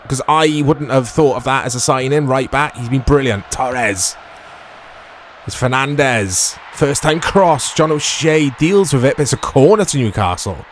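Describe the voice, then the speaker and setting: A man's voice: medium pitch, a little hiss or hum. Chatty man commentating a game. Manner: chatty, excitable reactions to play. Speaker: gaming YouTuber. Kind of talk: let's play commentary.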